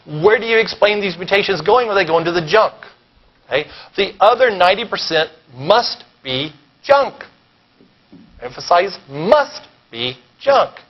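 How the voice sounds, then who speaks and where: A man giving a keynote lecture at a conference, animated and sarcastic, often pausing to check in with the audience. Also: on the high side, husky. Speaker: keynote speaker. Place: conference hall. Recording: dull lo-fi recording.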